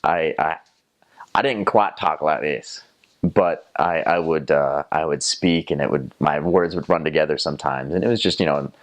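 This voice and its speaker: A man's voice: a bass voice, steady tone, normal speed, few pauses. A young man from North Carolina with a Southern American accent, chatting casually about his time as a missionary and slipping into playful accent imitations. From North Carolina, USA. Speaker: returned missionary. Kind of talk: casual storytelling.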